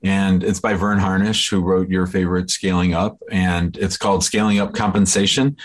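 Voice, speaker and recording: A man's voice: low-pitched, flat delivery, moderate pace. A man co-hosting a podcast, recommending a book in a friendly, casual way. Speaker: podcast co-host.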